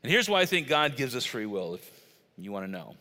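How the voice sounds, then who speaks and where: A man's voice: mid-range voice, sing-song, brisk, bright, forceful tone. A middle-aged man preaching a sermon, telling stories conversationally with emphatic stresses. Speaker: pastor. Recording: long reverb of a large church hall.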